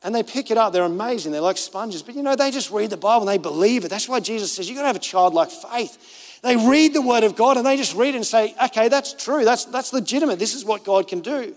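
A man's high, light voice carries an earnest, conversational sermon through a room with long, lingering reverb. He talks casually, full of "like" and "you know," acting out his own thoughts as he goes. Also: lively intonation, fast talker. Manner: earnest, conversational, full of fillers and self-quotes. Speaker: pastor. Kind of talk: informal sermon.

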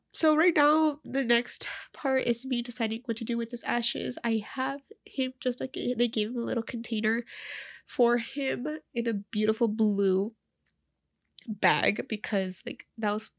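A young woman speaking in a personal vlog while crying. Her nose is stuffy, and she talks haltingly, often repeating words. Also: a little high, steady tone, gravelly, no room sound, clean studio sound.

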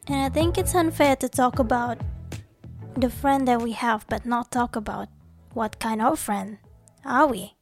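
A woman's voice: on the high side, unhurried, soft background music. Bubbly young woman chatting to viewers. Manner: chatty, giggly, playfully acts out little scenes. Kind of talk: casual personal talk to viewers.

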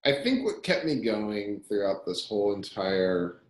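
Young man telling lively stories. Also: on the low side, measured pace. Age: young adult. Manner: energetic storyteller, repeats phrases, acts out dialogue. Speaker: guest, coffee company founder. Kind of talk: casual podcast interview. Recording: roomy echo.

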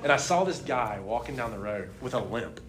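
A young man telling a personal faith testimony in a casual, animated way, laughing often and filling his talk with "like". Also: medium pitch, fairly quick, noisy background. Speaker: speaker sharing a testimony.

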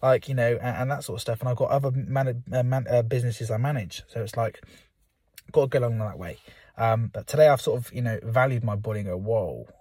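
A young adult man hosts his own casual solo podcast from inside a car, speaking fast in a mid-range, slightly mellow voice. Still a little out of breath after a game of football, he gives a rambling, upbeat pep talk full of fillers. The recording is dry with clean studio sound.

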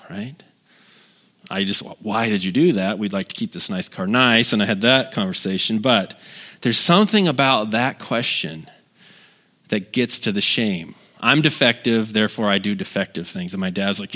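A man in his thirties, a guest pastor, delivers a conversational sermon in church, speaking directly to the congregation with asides. His voice sits on the low side, bright and forceful, and he's animated at a moderate pace, earnestly repeating key phrases for emphasis.

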